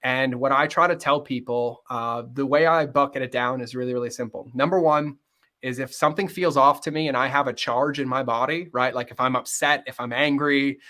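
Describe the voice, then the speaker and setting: A middle-aged man speaking candidly as a podcast guest, earnest and fast-flowing, often acting out bits of dialogue. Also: medium pitch, fairly even intonation, pushed and bright. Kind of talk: candid interview conversation.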